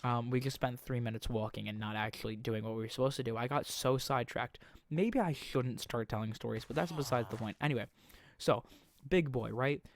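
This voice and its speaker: A young man casually chatting while he plays a game, retelling a story in a rambling, joking way with quick mock voices. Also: mid-range voice, dry recording. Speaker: gaming YouTuber.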